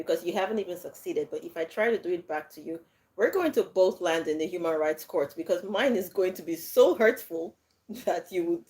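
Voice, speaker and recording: A woman's voice: on the low side, a little mellow. Woman, livestream host, casual chat with viewers, laughs a lot, loose and chatty with lots of fillers. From Nigeria. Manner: chatty, laughs often, frequent fillers and restarts. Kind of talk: casual live chat answering viewer comments.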